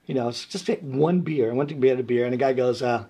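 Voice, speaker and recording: Husky New man telling stories. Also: mid-range voice, quick pace. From New York. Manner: animated storyteller, loud when acting out quotes. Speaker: guest musician. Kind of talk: casual interview storytelling.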